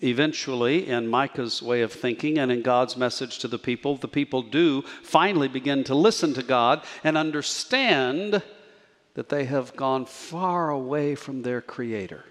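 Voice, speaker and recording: A man preaching a sermon as pastor, measured and earnest, slowing down to stress key words. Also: mid-range voice, long reverb tail. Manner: measured, earnest preaching with slow emphatic pauses.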